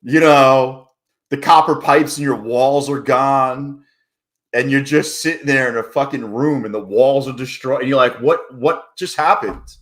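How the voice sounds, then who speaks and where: A man's voice: mid-range voice, fairly even intonation, a little slow, fairly bright tone. A man hosting a live trading stream, talking in loose, profane, joking banter with his chat. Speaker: livestream trading host.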